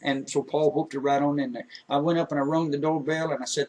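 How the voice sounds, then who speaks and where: A man telling an emotional personal story in an earnest, halting way, with many restarts. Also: fairly high pitch, level tone, darkish tone, far from the mic, poor audio.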